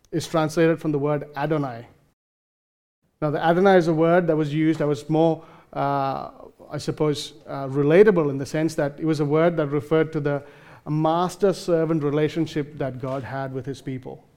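Delivering a sermon, a man speaks in a mellow, slightly high voice, earnest and emphatic. As he explains a passage, he loops back with fillers and false starts.

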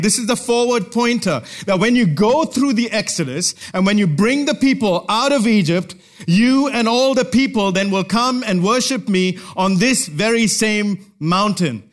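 A male preacher with a notably high voice delivers a sermon. He teaches at a measured pace, stressing key words with pauses. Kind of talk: expository sermon.

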